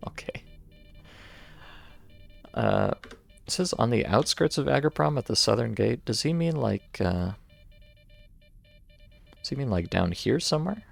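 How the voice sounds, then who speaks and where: A man's voice: medium pitch, big pitch swings, measured pace, vocal fry, long pauses, fairly bright tone, faint music behind. An American man streaming a video game, commenting with dry, sarcastic asides and reading in-game text aloud.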